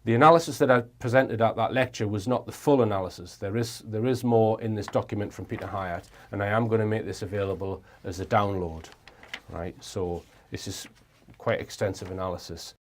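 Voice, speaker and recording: Low-voiced man talking hesitantly. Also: fairly even intonation, a little fast, a little hiss or hum. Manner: hesitant, with restarts and fillers. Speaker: presenter. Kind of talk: informal talk to camera.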